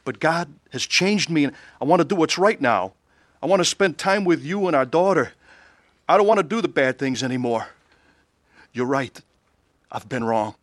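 A man's voice: on the high side, expressive, moderate pace, no echo. A man giving an earnest, scripted testimony about his faith, with acted scenes. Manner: earnest, pleading. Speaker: testimony narrator.

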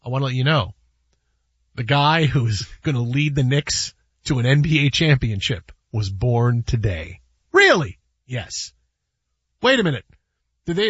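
A man's voice: a little high, expressive, normal speed, fairly bright tone, dry recording, muffled recording. A man hosting a sports radio show in a studio, talking in emphatic, playfully dismissive banter that keeps repeating its point.

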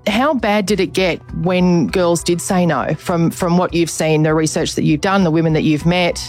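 A woman with a fairly low voice asks probing questions in a loose, conversational way. She thinks aloud as she frames them. Faint music plays underneath. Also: normal speed, a little mellow. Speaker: interviewer.

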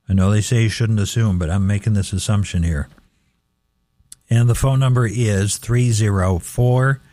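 A man's voice: mid-range voice, a little mellow, no echo, studio quality. A man hosting a casual radio swap shop, reading listings and repeating phone numbers carefully.

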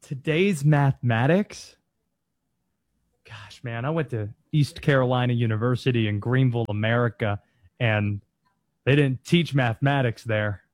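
A man's voice: mid-range voice, unhurried, no room sound, studio quality. A man co-hosting a casual podcast, joking and self-mocking. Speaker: co-host.

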